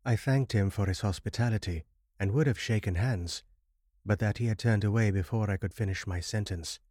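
A man narrating a Victorian horror story in a steady, measured reading. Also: lowish voice, no echo, clean studio sound.

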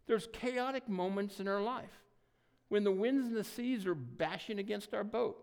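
A man delivers a sermon in a relaxed, conversational way, often checking in with his listeners. His voice sits fairly high for a man and has a gravelly, fry-laden edge. He fills his pauses with soft "um"s. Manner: conversational, frequent "um" and "right?". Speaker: pastor.

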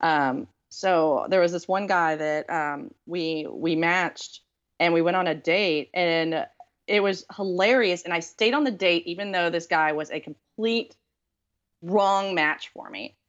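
A woman's voice: fairly low pitch, unhurried, dull audio. Chatty woman telling dating stories. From Southern US, Texas. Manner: chatty, self-deprecating, many fillers. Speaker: author guest. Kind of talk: casual storytelling interview.

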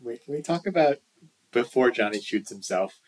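A man chatting casually about a film, relaxed and conversational. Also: medium pitch, moderate pace, rough recording. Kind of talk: casual chat about a movie.

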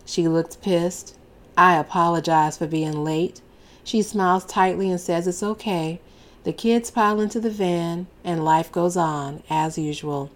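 A woman's voice: sits low, steady tone, a little slow. A woman narrating a first-person audiobook with a wry, exasperated manner.

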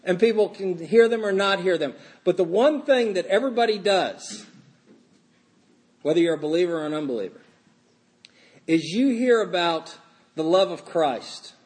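A middle-aged man preaching a sermon with a slightly raised voice. He talks informally and haltingly, full of fillers and restarts. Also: sits high, animated, darkish tone. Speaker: pastor.

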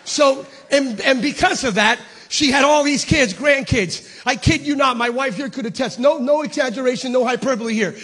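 A middle-aged man preaching a sermon as pastor, animated and playful with the congregation, dropping to a hush when telling a story. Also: very high-pitched, normal speed, few pauses, husky. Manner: addresses the congregation casually, calling them "baby". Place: church service.

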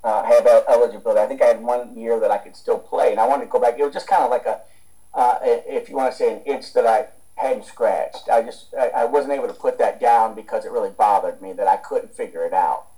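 This American man is a strength coach appearing as a guest in a casual interview. His medium-pitched voice is warm and fast, though the audio quality is poor, and he rambles with many restarts and fillers.

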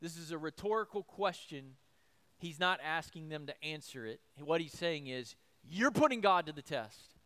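Male pastor, middle-aged, high clear voice, preaching with rhetorical questions. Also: animated, moderate pace, fairly bright tone. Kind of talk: sermon.

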